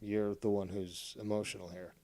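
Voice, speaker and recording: A man's voice: fairly low pitch, level tone, moderate pace, dark tone, no room sound. Sarcastic, mocking male stream host. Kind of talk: casual call-in stream banter.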